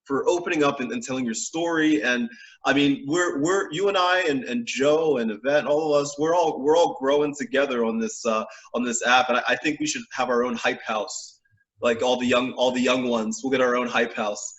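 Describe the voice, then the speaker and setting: Male host, casual interview chat, animated with frequent restarts. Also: medium pitch, normal speed, lo-fi sound. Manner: animated, laughing, many restarts. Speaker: podcast host.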